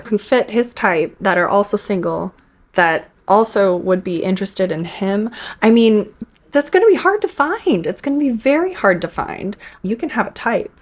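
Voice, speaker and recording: A woman host giving casual commentary on online clips, chatty and full of quick restarts. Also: medium pitch. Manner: chatty, with frequent restarts and laughs.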